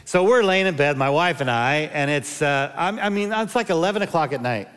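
A pastor in his fifties delivers a sermon full of funny personal anecdotes. His voice sits a little higher than most men's. The sound carries the long reverb of a big church hall. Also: animated, a little fast, fairly bright tone, smooth. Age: 50s. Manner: humorous storytelling with personal anecdotes.

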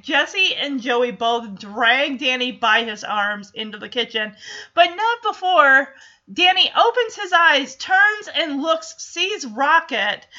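A woman's voice: high voice, sharp tone. A woman casually recapping a sitcom episode, animatedly acting out the characters' lines and laughing as she goes. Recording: dull lo-fi sound.

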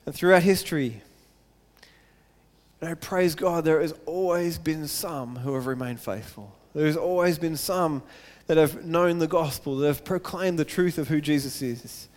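High-voiced preacher man in a reverberant hall. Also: moderate pace. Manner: earnest, builds to excited emphasis, repeats phrases. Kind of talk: sermon.

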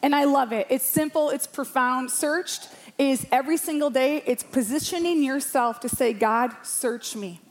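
High-voiced woman preaching with passion. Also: normal speed. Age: around 40. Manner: passionate, emphatic, repeats phrases for rhythm. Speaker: pastor. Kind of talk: sermon. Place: church room with a congregation.

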